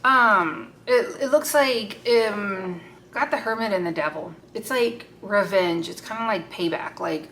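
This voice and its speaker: A woman's voice: mid-range voice, unhurried, bright, forceful tone. Casting note: woman, tarot reader, off-the-cuff and foul-mouthed, mid-range voice, faint room hum behind. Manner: blunt, swears freely, talks to the cards aloud. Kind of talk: casual unscripted tarot reading.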